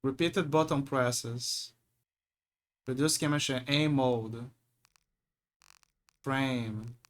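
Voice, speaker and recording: A young man streaming a game, excitable and cursing when frustrated. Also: mid-range voice, slow pace. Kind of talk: gameplay commentary.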